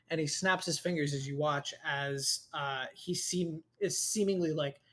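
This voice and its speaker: A game master narrating a tabletop role-playing game in a brisk, descriptive way. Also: medium pitch, fairly even intonation, fairly bright tone.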